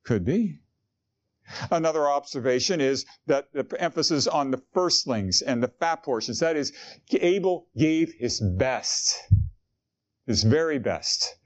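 A man's voice: fairly high pitch, highs cut off. A man preaching a sermon in an earnest, conversational way, asking his listeners questions. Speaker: pastor.

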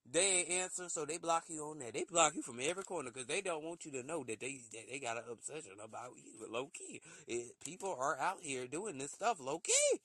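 A man talking in a casual solo rant, animated and slipping into shrill put-on voices for quotes. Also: brisk, few pauses, dry recording. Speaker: podcast host.

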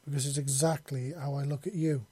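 A man voicing a playful, affectionate young human man in an audiobook, making quick, warm-hearted confessions. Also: medium pitch, fairly even intonation, breathy edge, lightly acted. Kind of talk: audiobook character voice.

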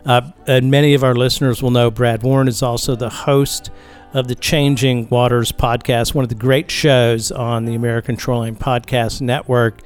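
A man co-hosting a podcast, talking in a relaxed, casual way with restarts and fillers. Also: medium pitch, normal speed, smooth, soft background music. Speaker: podcast co-host.

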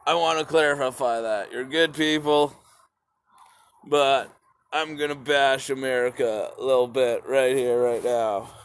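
A man's voice: medium pitch, fairly even intonation, unhurried, slight background noise. A man hosting a casual solo podcast outdoors, rambling and swearing freely as he talks to his listeners. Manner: rambling and profane, addresses listeners as "peoples". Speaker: podcast host.

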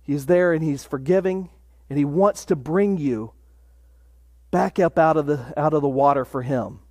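A middle-aged man preaching a sermon, stressing key phrases by slowing right down. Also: fairly high pitch, a little mellow, dry recording, studio quality. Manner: emphatic, slows down on key phrases. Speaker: pastor.

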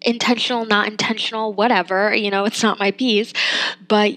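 A woman's voice: medium pitch, little pitch movement, moderate pace, fairly bright tone, poor audio. A young adult woman hosting a podcast, giving a casual spoken film review, chatty and thinking aloud, laughing and trailing off between points.

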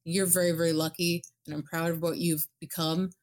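A woman's voice: low-pitched, level tone, a little fast, darkish tone, lightly acted. A woman playing a proud, stern woman pirate admiral who scolds a younger man. She sounds challenging and firm.

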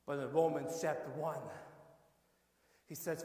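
A man preaching a sermon to his church, swinging from quiet talk up to shouted, fervent exhortation. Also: mid-range voice, measured pace, long pauses, reverberant, in a large hall. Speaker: pastor. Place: church sanctuary.

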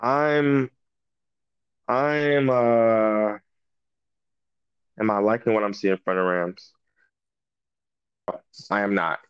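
Animated man, dull lo-fi audio. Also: lowish voice, extremely slow, pauses often, smooth, dry recording. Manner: animated, emphatic, restarts a lot. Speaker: guest. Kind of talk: casual sports chat.

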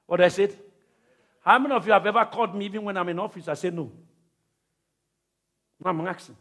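High-pitched, bright-voiced male pastor preaching. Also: lively intonation, brisk, pauses often. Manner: repetitive, calls out to the congregation; shouted declarative prayer. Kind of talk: sermon and prayer. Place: church service.

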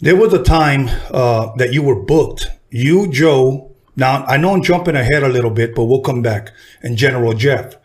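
A man hosting a casual talk, telling a story with animated delivery and acting out the voices of people in it. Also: moderate pace, hardly any pauses. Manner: animated, acts out quoted voices with jumps in pitch. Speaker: podcast host telling a story.

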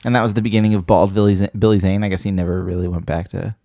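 A man with a lowish voice talks through a film in a relaxed, wry way. His voice sounds dry and close to the mic. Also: racing, no room sound. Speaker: podcast co-host. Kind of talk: casual movie discussion.

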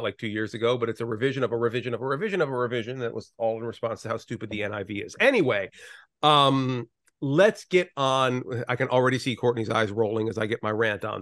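A man's voice: mid-range voice, fairly bright tone, no room sound, studio quality. A male pastor co-hosting a casual Bible podcast, reading scripture and ranting irreverently with casual swearing.

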